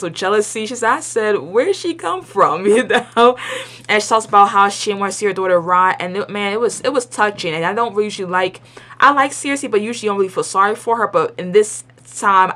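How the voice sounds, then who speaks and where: Speaking a little fast in a medium, slightly bright voice, a young adult woman reviews an episode casually from home. Her chatty, rambling delivery is full of "like" and restarts, and her opinions are blunt, voiced in colloquial grammar.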